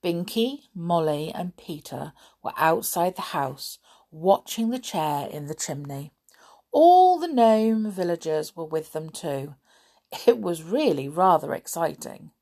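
A woman reading a children's storybook aloud in an expressive, measured storytelling manner. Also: fairly low pitch.

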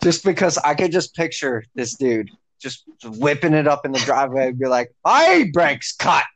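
A man's voice: mid-range voice, moderate pace. A man in casual podcast chat, eagerly prompting stories and laughing along.

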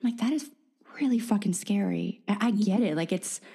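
A woman's voice: medium pitch, normal speed, dark tone, husky. A woman hosting a podcast, chatting casually and self-deprecatingly, with frequent restarts and laughter. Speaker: podcast host. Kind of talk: casual chat.

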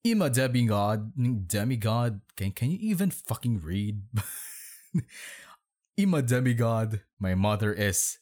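A man's voice: fairly low pitch, animated, unhurried, pauses often, darkish tone. A man hosting a podcast, reading bad fan fiction aloud in his bedroom with sarcastic, mocking asides. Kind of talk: comedic dramatic reading with commentary.

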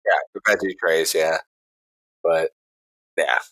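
A man's voice: rumbling low, slow pace, fairly bright tone, no echo. A man co-hosting a casual podcast, easygoing and agreeable, chatting about food. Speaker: podcast co-host.

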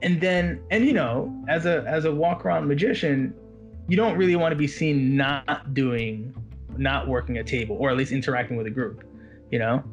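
A man working as a walk-around magician, telling a story in an animated, casual chat. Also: medium pitch, normal speed, soft background music. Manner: animated, quotes others in his story.

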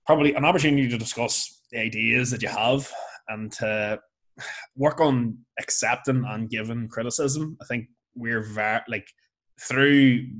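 A man with a Lurgan accent from Northern Ireland hosting a casual podcast conversation, talking in a blunt, candid and animated way. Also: medium pitch, measured pace. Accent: Northern Irish, Lurgan. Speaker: podcast host.

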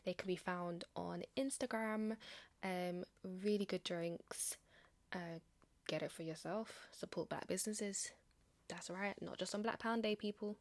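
A woman's voice: fairly low pitch, steady tone, measured pace, dry recording. A young woman hosting her podcast solo, chatting casually in an upbeat, motivational way with slangy asides. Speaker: podcast host.

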